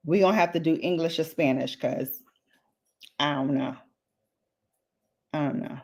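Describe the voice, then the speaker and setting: A woman with a lowish voice chats her way through a makeup tutorial, unhurried and playful. She drops slangy asides to her viewers as she works. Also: dark tone. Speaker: beauty vlogger. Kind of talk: casual makeup demo chat.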